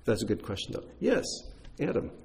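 A man's voice: fairly low pitch, wildly swooping pitch, a little fast, darkish tone. A man leading his congregation, a pastor answering questions in a casual, explanatory way with frequent restarts. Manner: conversational, explanatory, uses fillers and restarts.

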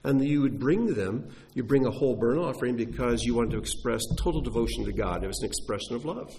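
A man's voice: mid-range voice, fast talker, a little hiss or hum. A man preaching a sermon, teaching from scripture with emphatic rhetorical questions. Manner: animated, rising and falling with emphasis, rhetorical questions.

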